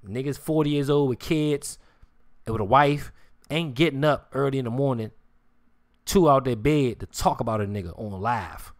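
A man's voice: mid-range voice, moderate pace. A man on a live stream, ranting in a heated, profane and confrontational way, repeating himself and pressing his listeners with questions. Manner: insistent, keeps asking "you hear me". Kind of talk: heated livestream rant.

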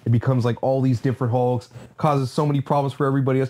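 A male co-host in casual review chat with a mellow, dark voice. He talks loosely and swears freely. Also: medium pitch, little pitch movement, racing. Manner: profane, loose phrasing. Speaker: podcast co-host.

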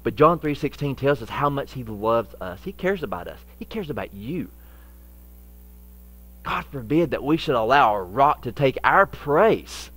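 Preaching as pastor in a mid-range voice, a man is very animated yet a little slow. His sermon relies on folksy phrasing and repeated lines, with dramatic swings from loud to hushed.

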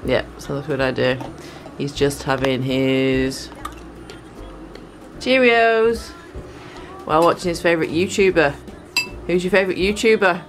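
A British woman vlogging at home, chatting straight to her viewers in a relaxed way. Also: sits low, unhurried, pauses often, background noise. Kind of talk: casual home vlog.

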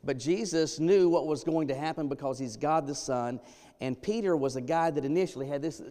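A man's voice: a little high, expressive, fairly quick. Emphatic preacher man in a reverberant church. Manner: emphatic, swings from hushed to loud. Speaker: pastor. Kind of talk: sermon. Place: church sanctuary.

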